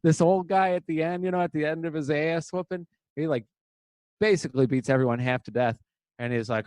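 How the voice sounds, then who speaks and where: A man's voice: mid-range voice, quick pace, no echo. A young man co-hosting a casual podcast, rambling through a story and acting out the lines. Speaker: podcast co-host. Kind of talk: casual chat.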